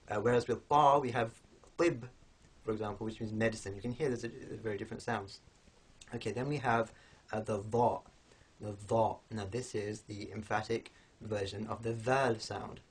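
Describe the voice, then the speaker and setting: A lowish, slightly husky male voice, teaching a recorded lesson. He explains things patiently, pauses on fillers, and says each sound slowly and twice so you can copy it. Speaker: language teacher.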